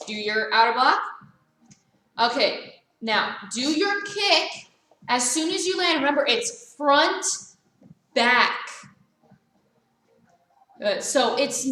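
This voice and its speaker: A woman with a bright, fairly high voice leads a virtual karate class. She calls out brisk commands and corrections. The sound rings around an echoey studio. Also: expressive, slight background noise. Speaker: karate instructor. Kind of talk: live virtual class instruction. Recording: echoey room.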